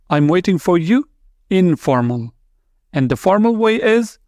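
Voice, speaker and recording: Man, slow teacher, slightly high voice, dry close sound, repeats words for learners. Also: expressive, a little mellow, no echo. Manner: repeats words slowly, syllable by syllable; non-native English with small grammar slips. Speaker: language teacher. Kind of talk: slow, deliberate language lesson.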